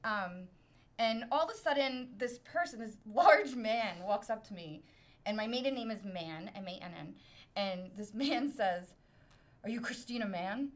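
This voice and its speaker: A woman's voice: medium pitch, measured pace. A middle-aged woman from Brooklyn telling a story in casual chat as a podcast guest, laughing often and poking fun at herself. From Brooklyn, New York. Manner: laughs often, animated and self-mocking.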